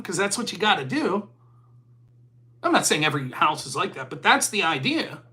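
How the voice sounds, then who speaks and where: A middle-aged American man talking casually as a podcast host, telling stories, acting out dialogue and swearing freely. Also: sits high. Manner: animated storytelling, acts out dialogue, swears freely. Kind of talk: casual monologue.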